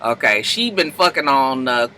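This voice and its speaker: A man's voice: medium pitch, sing-song, normal speed, very noisy. A man casually recapping TV episodes, telling the story with lots of slang and swearing and acting out the characters' lines. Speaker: TV recap host.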